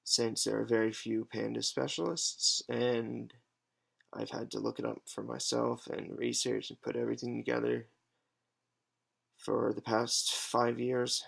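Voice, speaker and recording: A man in his twenties giving a halting, hesitant, unscripted monologue with many pauses and fillers. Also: mid-range voice, little pitch movement, creaky, fairly bright tone. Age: 20s. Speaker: patient advocate vlogger. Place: alone at home.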